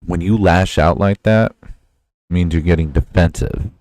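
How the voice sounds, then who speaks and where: A man hosting a livestream, casually reacting to clips with a slow, lecturing manner. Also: low voice, a little mellow, no room sound. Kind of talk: casual reaction stream chat.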